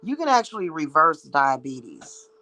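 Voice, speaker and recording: A woman's voice: sits low, very animated, unhurried, bright, forceful tone, rough recording. Woman ranting bluntly with heavy profanity. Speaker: psychic reader and spiritual practitioner. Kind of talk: ranting vlog monologue.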